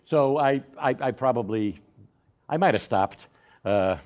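A man's voice: mid-range voice, unhurried. A man, telling a folksy personal testimony to a Sunday school class. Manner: folksy, animated storyteller with frequent restarts. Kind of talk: storytelling testimony in a church class.

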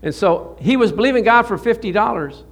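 A high-pitched man gives a sermon in a storytelling manner. He often laughs and restarts his words, and his voice jumps up sharply when he acts out cries of prayer. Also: lively intonation, brisk, husky. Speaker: pastor.

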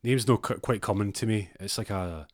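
A Scottish man telling a long, meandering comic story, wandering down side roads and laughing at his own tangents. His voice sits low and the sound is dry, with no room echo. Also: moderate pace. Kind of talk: casual anecdote.

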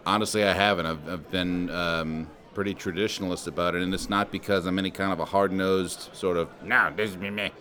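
A man with a fairly low voice chats casually on a podcast. He drops sardonic, mock-outraged asides full of swearing. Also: steady tone, fairly quick, few pauses, pushed and bright. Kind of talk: casual chat.

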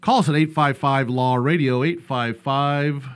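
A man hosts a radio talk show from a studio. He speaks at a mid-range pitch in a loose, joking way. He rambles, leans on fillers and stops to correct himself. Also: measured pace, smooth. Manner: jokey and rambling, with many fillers and self-corrections.

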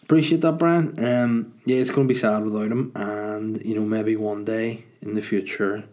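Low-voiced man, rambling and sweary. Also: steady tone, moderate pace, darkish tone. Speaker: podcast host and stand-up comedian. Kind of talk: casual solo podcast chat.

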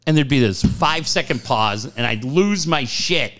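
A man hosting a sports radio show, telling profane, animated stories and laughing often. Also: medium pitch, normal speed. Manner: profane, animated storyteller who laughs a lot. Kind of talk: casual sports radio banter.

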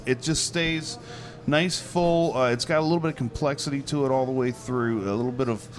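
A man's voice: medium pitch, a little fast, faint music behind. A man co-hosting a casual chat show, talking in an easygoing, enthusiastic way and rambling as he describes things. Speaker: co-host.

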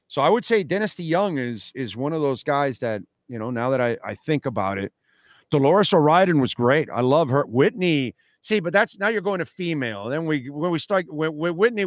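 A man's voice: medium pitch, no room sound, clean studio sound. Emphatic male talk radio host. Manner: animated, emphatic, repeats himself. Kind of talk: casual talk radio chat.

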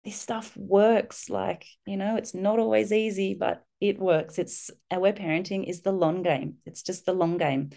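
A middle-aged woman, a guest on a parenting podcast, telling a personal story with lively, animated delivery. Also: on the low side, normal speed, creaky, hardly any pauses. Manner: warm, animated storytelling, acting out children's voices.

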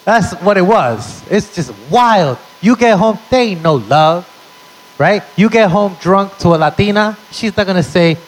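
High-voiced and lively in his intonation, the young comic takes things a little slowly as he tells profane, punchy stories to an audience at a live show. Audio quality is poor.

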